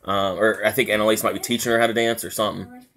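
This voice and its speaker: A man's voice: fairly low pitch, flat delivery, quick pace, background noise. A man with a drawl hosts a casual live stream from his home. He rambles through his points with plenty of filler words, stopping often to greet viewers and answer their comments. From South Carolina. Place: home, with family noise around.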